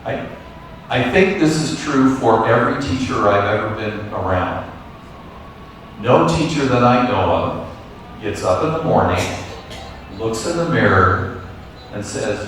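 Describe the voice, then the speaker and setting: A man leading a teacher workshop, speaking in a relaxed, encouraging way and taking questions from the audience. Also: medium pitch, measured pace. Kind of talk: conversational lecture with audience questions. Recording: echoey hall from far off, faint noise.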